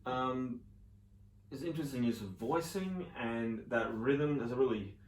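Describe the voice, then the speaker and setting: A man giving a relaxed piano lesson, explaining casually with fillers and sometimes singing rhythms in syllables. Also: mid-range voice, unhurried. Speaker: piano teacher. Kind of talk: relaxed spoken piano tutorial. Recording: roomy sound with loud piano. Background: piano playing.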